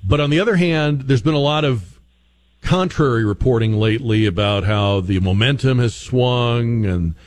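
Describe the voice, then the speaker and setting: A man hosting a radio talk show, asking measured questions that he builds up at length. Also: mid-range voice, a little mellow, no echo. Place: radio studio.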